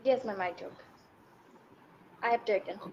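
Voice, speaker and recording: Woman student, slow and polite, says yes ma'am a lot, muffled lo-fi sound. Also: mid-range voice, warm tone. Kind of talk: online pronunciation lesson. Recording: muffled, dull line with light hiss.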